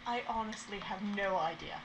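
A woman playing in a tabletop game, speaking in a slow, sing-song way. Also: medium pitch, fairly bright tone, a little hiss or hum, poor audio. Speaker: player. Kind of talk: casual chat.

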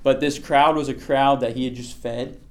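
A man's voice: medium pitch, steady tone, normal speed. A man teaching a casual Bible lesson to a group. He talks conversationally and keeps checking in with his listeners.

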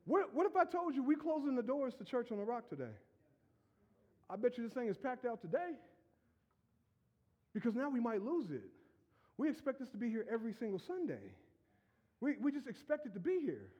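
A middle-aged male pastor giving a lively, joking sermon, acting out quotes and shouting at times. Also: very high voice, brisk, pauses often, lo-fi sound.

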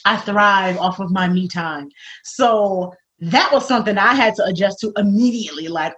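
A woman as an interview guest in casual faith-centred chat, animated and laughing often, acting out the voices she quotes. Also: medium pitch, moderate pace. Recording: dull lo-fi recording.

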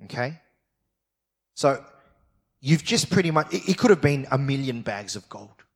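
A man's voice: medium pitch, very animated, measured pace, husky. A man preaching a sermon as pastor, talking with his listeners in a conversational way, often checking in with them, and reading scripture aloud with expression. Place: church service.

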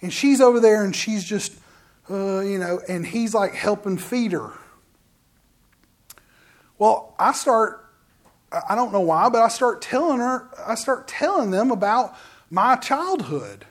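A man preaching a sermon, telling personal stories with loud, emphatic bursts that drop to hushed tones, often repeating words as he builds a point. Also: high-pitched, lively intonation, unhurried, pauses often.

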